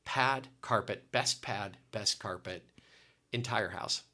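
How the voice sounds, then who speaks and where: A man guest telling an expressive, self-deprecating story in an interview, with frequent restarts. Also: on the low side, takes it slowly. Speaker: guest consultant.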